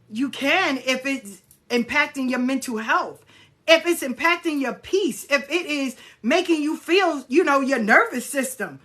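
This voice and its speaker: A middle-aged woman hosting her own channel, talking casually and bluntly to viewers, animated and swearing freely. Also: sits high. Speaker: spiritual practitioner, channel host. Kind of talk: casual spoken reflection to viewers.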